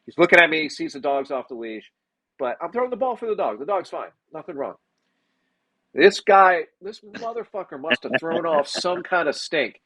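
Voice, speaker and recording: A man hosting a podcast, telling stories in casual chat with lots of swearing and an animated delivery. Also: fairly high pitch, moderate pace. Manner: profane, animated storyteller. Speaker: podcast host.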